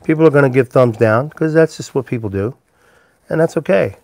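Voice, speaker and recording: Gravelly easygoing man chatting from his shop. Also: medium pitch, fairly quick, a little mellow, no room sound. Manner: rambling, easygoing, talks to chat viewers by name. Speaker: livestream host and pipe maker. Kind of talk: casual live chat while working. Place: workshop.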